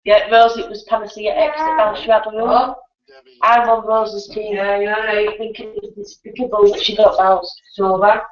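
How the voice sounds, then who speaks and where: A woman's voice: medium pitch, fairly even intonation, moderate pace. A woman in a voice chat, sounding indignant and teasing. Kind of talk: casual voice chat. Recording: distant echoey lo-fi voice chat.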